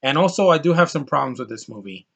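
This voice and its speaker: A man's voice: on the high side, expressive, fast talker, gravelly, a bit bright, lo-fi sound. A man giving a casual, blunt film review, ranting and exasperated about what he dislikes. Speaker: movie reviewer.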